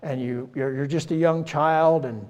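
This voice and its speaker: A man's voice: a little high, steady tone, unhurried, darkish tone, muffled recording. Older man preaching in an echoing hall. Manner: folksy, rhetorical, peppered with "right?" and "you know". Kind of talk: conversational sermon. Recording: long church-hall reverb.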